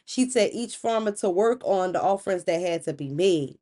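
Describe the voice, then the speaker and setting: A woman's voice: on the low side, animated, moderate pace, dark tone. A woman hosting a podcast, telling a myth in a casual, playful way with slangy asides. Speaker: podcast host. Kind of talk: casual storytelling of myths.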